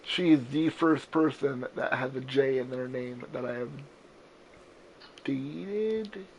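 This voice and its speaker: Gravelly young man telling rambling stories. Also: medium pitch, slow pace, slight background noise, low-quality recording. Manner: rambling, profane, self-correcting. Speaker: gaming stream host. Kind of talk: casual storytelling chat.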